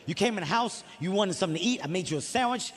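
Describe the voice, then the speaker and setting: Brief: male stand-up comic, high voice, rapid profane storytelling, live hall reverb. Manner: animated, profane storytelling with acted-out quotes. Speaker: stand-up comedian. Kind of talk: stand-up comedy. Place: theater stage before an audience.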